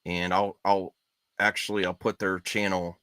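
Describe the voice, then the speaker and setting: Bright-voiced male live-stream host. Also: sits low, level tone, normal speed, no echo, studio quality. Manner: chatty, drinking beer while talking. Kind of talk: casual live-stream chat.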